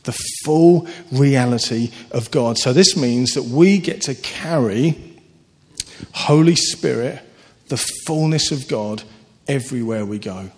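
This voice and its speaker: A man preaching a sermon, earnest and animated, telling stories with sudden lifts in his voice. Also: medium pitch, slow pace. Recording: long hall reverb.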